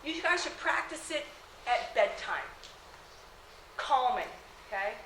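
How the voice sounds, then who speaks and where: A woman working as a high school athletic trainer, talking casually to students, often asking "okay?" and laughing. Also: expressive, takes it slowly, pushed and bright, slight background noise. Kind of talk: classroom talk to students. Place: school room. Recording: echoey room.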